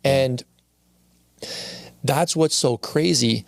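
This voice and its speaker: Gravelly-voiced man, reflective podcast guest. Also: mid-range voice, drawn-out words, no echo. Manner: reflective, confessional, repeats phrases. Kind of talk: candid podcast conversation.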